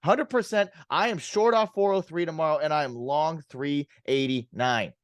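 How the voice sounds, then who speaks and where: Male trading host, forceful profane ranter, a touch high, dry close sound. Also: normal speed, dry recording. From US West Coast. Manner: profane, emphatic, ranting, repeats himself. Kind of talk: ranting market commentary.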